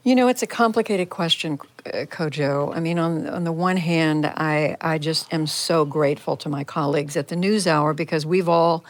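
A woman's voice: low voice, moderate pace, hardly any pauses. An older woman journalist giving a radio interview, recounting events reflectively and in detail, often restarting her sentences. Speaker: journalist guest. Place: converted home TV studio.

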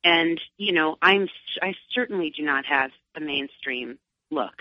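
A middle-aged woman from Long Island, chatting as a guest in an interview, animated and acting out her own thoughts. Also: sits low, unhurried, no room sound. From Long Island, New York. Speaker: singer and guest. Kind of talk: casual interview. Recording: dull, lo-fi sound.

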